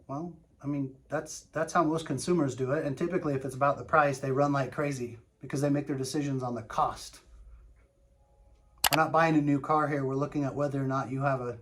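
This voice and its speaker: A man coaches listeners on sales calls, acting out role-play demos and speaking emphatically while repeatedly checking in with "right?". His voice is mid-range, and there's background noise in the recording.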